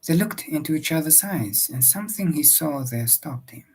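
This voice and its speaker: A man reading a novel aloud in a steady, measured storybook narration. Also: on the high side, gravelly, slightly rough, low-quality recording. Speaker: audiobook reader.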